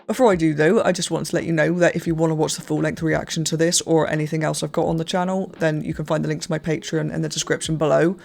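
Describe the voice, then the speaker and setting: A man's voice: on the high side, little pitch movement, fast, gravelly, hardly any pauses, a little mellow, a little hiss or hum. A British man hosting a reaction video, chatting casually and self-deprecatingly with lots of restarts and hedges. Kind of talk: casual chat to camera.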